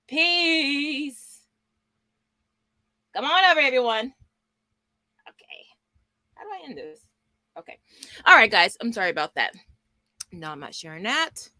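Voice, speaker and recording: A middle-aged woman from Texas hosting a homeschool book club livestream from her small home office, lively and chatty, greeting viewers by name. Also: fairly high pitch, measured pace, pauses often, no room sound. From Texas, US South. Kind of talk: casual livestream book chat. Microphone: desk mic.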